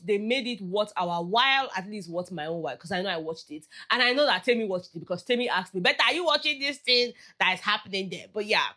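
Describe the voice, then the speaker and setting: A woman's voice: mid-range voice, bright, forceful tone. A woman with a Nigerian accent chatting through a reality show recap, slipping into Pidgin phrases as she goes. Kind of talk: casual commentary.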